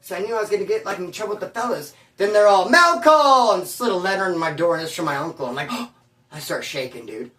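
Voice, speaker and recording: A man's voice: high-pitched, quick pace, fairly bright tone, roomy sound, distant mic. A man telling stories about prison life in a casual, slangy, streetwise way, full of bro and dude. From California. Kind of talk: casual storytelling monologue.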